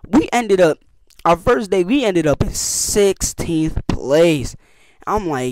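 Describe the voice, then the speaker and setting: In a casual vlog, a teenage boy YouTuber shares camp stories with slang and lots of energy, mimicking what others said through big jumps in pitch. His voice sits high, and he talks at a slow pace.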